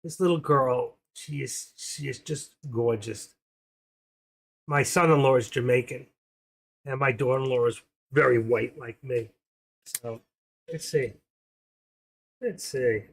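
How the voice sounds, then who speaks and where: Older male host, husky, chatty and rambling, casual livestream talk. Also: mid-range voice, slow, pauses often.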